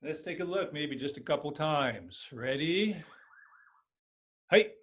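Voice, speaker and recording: A man's voice: fairly high pitch, expressive, moderate pace, a bit bright. A male aikido instructor teaching an online class, calling out short technique cues while he demonstrates. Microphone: laptop or camera mic at a distance. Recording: echoey room, distant mic.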